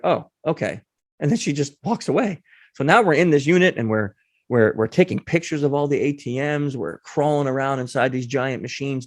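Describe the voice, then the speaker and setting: A man is a guest on a talk show and tells a long story from his work with animated energy. He slips into the voices of the people he met as he goes. His voice sits at a middle pitch and the sound is dry and close. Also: no echo. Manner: lively anecdote teller acting out the people in his story.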